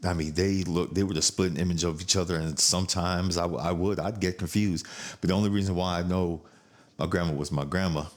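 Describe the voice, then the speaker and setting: A man with a very low, deep voice talks casually on his podcast. He is blunt and profane, and he laughs as he tells family stories. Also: steady tone, fairly quick. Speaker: podcast host. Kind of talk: casual chat.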